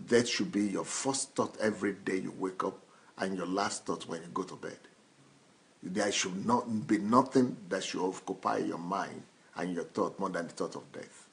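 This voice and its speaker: A man's voice: low voice, moderate pace, gravelly. A man in his fifties, a pastor speaking bluntly and insistently in a live question-and-answer talk. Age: 50s.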